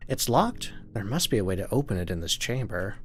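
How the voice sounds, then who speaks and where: A man's voice: lowish voice, sing-song, fairly quick. A man hosting a let's play of a horror game, making wry, amused asides as he explores. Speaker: gaming channel host.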